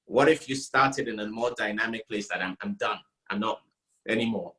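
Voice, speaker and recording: A man coaching an actor in a masterclass, gentle and explanatory, often checking in with questions. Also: lowish voice, moderate pace. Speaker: acting coach.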